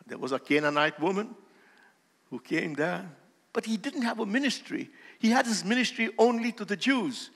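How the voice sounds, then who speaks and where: A man preaching a sermon as pastor, with emphatic, slowly stressed phrases that swell in volume. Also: high voice, animated, gravelly, a bit bright, husky. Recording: long hall reverb.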